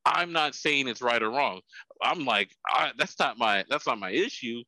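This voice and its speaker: A man's voice: mid-range voice, expressive, normal speed, sharp tone, dry recording, low-quality recording. A man in casual chat, rambling, repeating his words and laughing between points.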